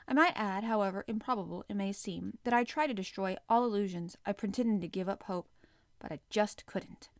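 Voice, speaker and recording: A woman narrating a classic adventure novel aloud in the first person, with expressive, dramatic storytelling. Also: mid-range voice, fairly quick, no echo, clean studio sound. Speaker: audiobook narrator.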